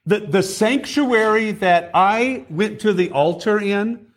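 A middle-aged male preacher with a slightly raised pitch, telling stories and putting questions to the congregation. He talks the way a pastor does from the pulpit of a church sanctuary. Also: slow. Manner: storytelling, addresses congregation directly with questions. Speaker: district superintendent preaching. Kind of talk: sermon.

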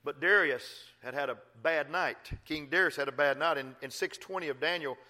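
Pastor, sermon delivery, folksy, bright timbre, swings between loud and hushed. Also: male voice, fairly high pitch, a little fast. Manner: folksy and emphatic, swinging from loud exhortation to quiet asides.

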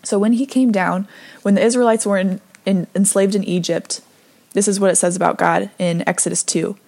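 A woman giving a conversational devotional talk, earnest and gently encouraging, reading scripture aloud between her own thoughts. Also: medium pitch, steady tone, brisk, creaky. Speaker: devotional speaker.

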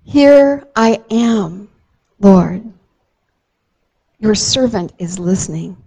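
A woman's voice: mid-range voice, animated, extremely slow, vocal fry, dark tone, slightly rough, heavily acted, rough recording. A woman voicing an old male temple priest who speaks firmly and gives instructions. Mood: instructing.

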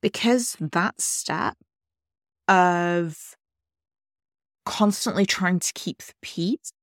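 A woman hosting a solo podcast, talking earnestly and directly to the listener in a calm way. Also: lowish voice, no echo, studio quality. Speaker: podcast host.

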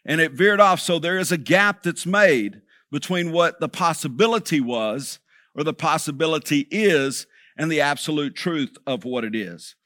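A man's voice: fairly high pitch, expressive, moderate pace, sharp tone, no echo, studio quality. A man preaching a sermon as pastor, talking conversationally and checking in with the congregation.

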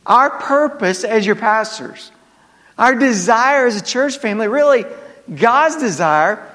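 A Southern man preaching to his congregation, pitched high for a man and prodding the room for amens. His voice rings out in a church sanctuary with a long, trailing reverb. He delivers it as an animated sermon in call-and-response. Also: measured pace. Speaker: pastor.

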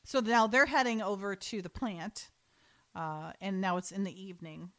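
A middle-aged woman in casual chat, recapping an episode with lively quoted lines. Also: mid-range voice. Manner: animated retelling with quick quoted voices and laughs. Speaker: podcast co-host.

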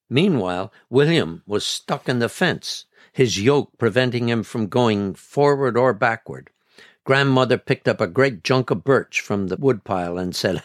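Gravelly man telling a story. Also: medium pitch, animated, measured pace. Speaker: storyteller, podcast reader. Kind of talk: scripted story narration. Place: community radio studio. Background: faint background music.

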